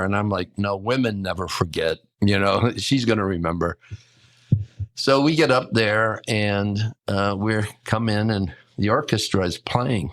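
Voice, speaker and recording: An older man, a hotel general manager, telling a story in a lively way and acting out the quotes. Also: on the low side, moderate pace, dry recording. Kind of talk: casual storytelling.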